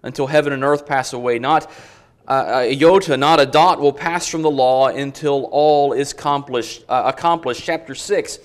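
A man preaching an expository sermon, reading scripture aloud in an earnest, emphatic way and slowing down on the quotations. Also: medium pitch.

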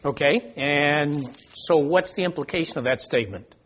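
A man's voice: on the high side, moderate pace, fairly bright tone, a little hiss or hum. An older man leading an informal Bible study, talking conversationally, quizzing the group and joking about his own memory. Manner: conversational, asks the group questions, self-deprecating.

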